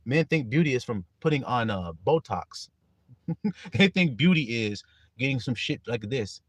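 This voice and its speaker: A man preaching a livestreamed sermon in a folksy, animated way, calling on his listeners and laughing often. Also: medium pitch, measured pace, no echo.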